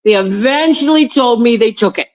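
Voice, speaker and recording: A woman's voice: fairly high pitch, moderate pace. A woman guest in an interview, telling a personal story in a rambling way with many restarts and repeated words, on a video call. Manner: animated when recounting her friends' words.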